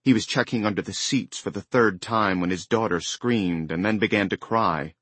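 Male audiobook narrator, measured delivery, low voice, dry close recording. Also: husky, no room sound. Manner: measured, even storytelling. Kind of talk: scripted narration. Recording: dry close studio sound.

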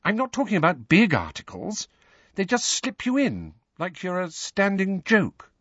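Male reader voices a fretful, clever teen girl in a raised pitch; dull, dry recording. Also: huge pitch swings, fairly bright tone, husky, no echo, exaggerated voice. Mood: anxious. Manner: nervous, tart, hurried. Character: anxious bookish teenage girl.

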